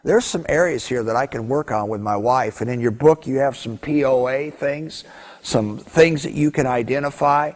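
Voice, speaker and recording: A man's voice: mid-range voice, moderate pace, in a large hall. A man teaching a Christian marriage session to husbands, earnest and exhorting, acting out his own thoughts. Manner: earnest, exhorting, quotes himself.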